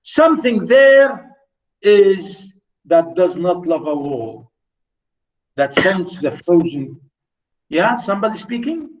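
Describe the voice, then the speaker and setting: A man's voice: a little high, animated, slow pace, pauses often, a little mellow. A man giving a classroom lecture on poetry, repeating himself and asking the class rhetorical questions. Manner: repetitive, rhetorical questions, many "you know"s. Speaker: literature lecturer. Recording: voice from far off the mic.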